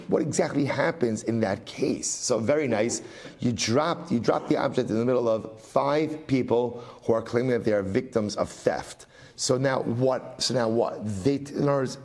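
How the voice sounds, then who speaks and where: Animated man teaching a Talmud class. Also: lowish voice. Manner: animated, repeats phrases for emphasis, mixes in Aramaic and Hebrew. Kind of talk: Talmud study lecture.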